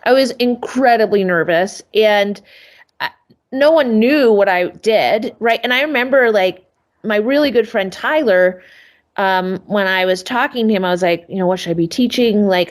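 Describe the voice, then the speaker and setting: A woman guest on a podcast telling a casual story about her career, self-mocking and acting out what others said with sudden high-pitched quotes. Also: normal speed. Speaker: podcast guest, family photographer.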